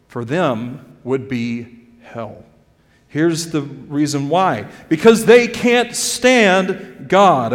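A male pastor preaching a sermon earnestly, calling his listeners "folks" and swinging between loud emphasis and quiet drops. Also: a little high, in a large hall. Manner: addresses the congregation directly as "friends" and "folks". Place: church sanctuary.

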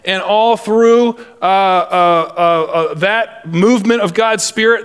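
A man preaching a sermon with a slightly high voice. He speaks deliberately and with emphasis, and he slips in humorous asides. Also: smooth. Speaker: pastor.

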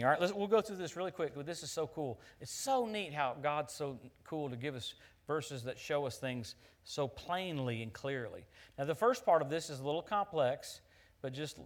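A middle-aged man preaching a sermon, swinging between loud emphatic declarations and quiet, chatty storytelling, often laughing at his own anecdotes. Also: a little high.

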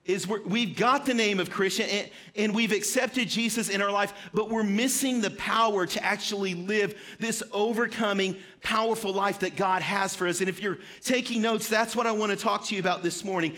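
High-voiced earnest male pastor. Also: fairly even intonation, normal speed, hardly any pauses, pushed and bright. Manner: conversational, earnest preaching with repeated phrases. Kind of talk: sermon. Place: church sanctuary.

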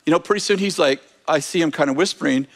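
Male preacher with a slightly high voice who tells his stories animatedly and keeps correcting himself mid-sentence. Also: quick pace. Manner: animated, self-correcting anecdote telling. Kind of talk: storytelling sermon.

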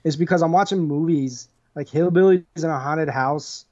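A man co-hosting a podcast in casual chat, excitable, laughing a lot and swearing freely. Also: a little high, normal speed, no echo, highs cut off. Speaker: podcast co-host.

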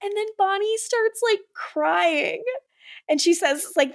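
High-voiced woman in dry podcast chat. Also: a little slow, gravelly, no room sound. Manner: animated, quotes characters in lively voices. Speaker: podcast co-host. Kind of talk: casual chat recapping a TV episode.

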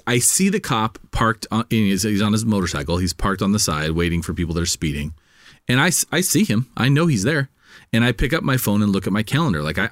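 A man's voice: on the low side, no echo, clean studio sound. A man telling a story in casual podcast chat, swearing often and getting worked up as he retells it. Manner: heated, profane, animated retelling. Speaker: podcast co-host.

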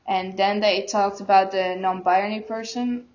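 Halting Dutch-accented young woman, flat. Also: mid-range voice, slight background noise. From Netherlands. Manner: halting, searching for words. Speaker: student guest. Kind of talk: casual personal storytelling. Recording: dull lo-fi recording.

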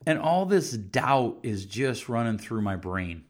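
A man's voice: medium pitch, big pitch swings, slow pace, a little mellow. A middle-aged man hosting a parenting talk, speaking candidly about his own mistakes and acting out short exchanges with his children. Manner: candid and self-disclosing, acts out little dialogues with his kids. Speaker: parenting podcast host and counselor. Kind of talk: reflective solo talk to camera.

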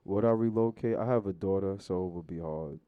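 A man with a New York accent, a guest rapper telling stories in a relaxed, slangy interview chat full of fillers. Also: sits low, a little fast, lo-fi sound. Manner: laid-back slangy, filler-heavy storytelling.

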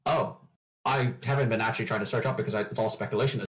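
A man being interviewed on a podcast, talking fast and rambling, quick to poke fun at himself. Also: on the low side, fairly even intonation, a bit bright, low-quality recording. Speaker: podcast guest. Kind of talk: casual interview chat.

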